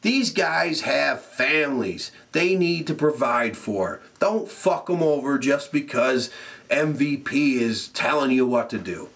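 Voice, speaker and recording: A man giving a casual, profane, animated recap as a show reviewer, often laughing as he talks. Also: mid-range voice, gravelly.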